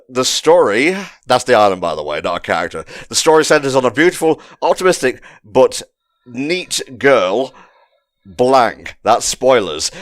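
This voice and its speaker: A man's voice: mid-range voice, no echo, studio quality. A man hosting a casual audio commentary, chatty and joking, swearing now and then. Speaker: commentary host.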